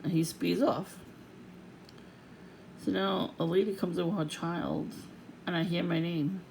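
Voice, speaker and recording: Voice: medium pitch, fairly even intonation, unhurried, vocal fry, a little mellow, a little hiss or hum, low-quality recording. An adult vlogger venting in a casual, profane rant to the camera, laughing often.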